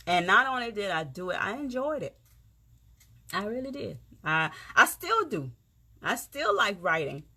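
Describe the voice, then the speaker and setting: A woman's voice: lowish voice, bright, forceful tone. A woman with a Gullah Geechee accent from South Carolina, giving a heartfelt, folksy pep talk straight to her viewers. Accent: Gullah Geechee, South Carolina Lowcountry. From South Carolina, USA. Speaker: vlogger, motivational speaker. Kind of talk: casual encouraging monologue.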